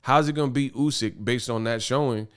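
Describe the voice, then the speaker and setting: A man's voice: medium pitch, fairly quick, fairly bright tone, clean tone. A man hosting a boxing commentary vlog, talking in an emphatic, rambling way and repeating his punchlines. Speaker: boxing commentary channel host.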